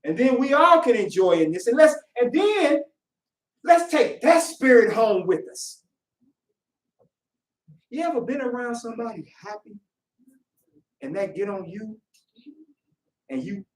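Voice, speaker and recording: A man preaching a sermon in casual, conversational speech, lively as he acts out voices. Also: high voice, a little slow, long pauses. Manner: animated, acts out quoted voices. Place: worship hall. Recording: echoey room, voice from far off.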